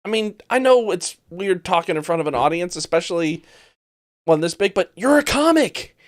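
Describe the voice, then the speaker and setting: A man's voice: high voice, expressive, normal speed, no echo, clean studio sound. A man hosting a podcast who reacts to news clips bluntly and sarcastically, swearing often. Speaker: podcast host. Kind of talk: casual commentary on news clips.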